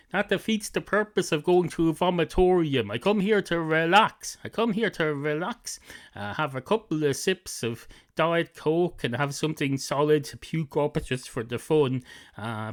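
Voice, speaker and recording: A man voicing a fussy female cat at a bar, in a rambling, sweary, self-correcting improvised comic monologue. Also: a little high. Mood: grumbling.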